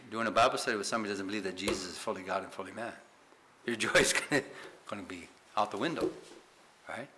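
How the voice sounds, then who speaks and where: A man's voice: lowish voice, bright, forceful tone, a little hiss or hum, rough recording. A man teaching a Bible study in sermon style, emphatic, asking rhetorical questions and tagging points with "right?".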